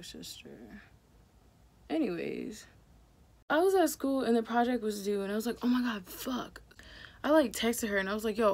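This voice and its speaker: A young woman vlogger chatting casually while doing her makeup, telling a story with lots of "like" and swearing. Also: medium pitch. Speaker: beauty vlogger.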